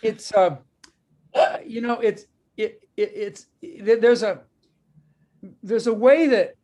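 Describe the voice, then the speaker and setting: A man hosts an interview over a video call. His voice is high for a man. He stumbles through long questions, circling back and restarting as he goes. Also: warm tone. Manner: halting, many restarts and fillers. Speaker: host. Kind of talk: casual interview chat.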